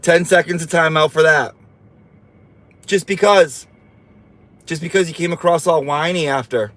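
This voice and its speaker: A man's voice: fairly high pitch, normal speed, a bit bright. A man hosting a casual livestream, reading viewer comments aloud and teasing them in a sassy, campy way.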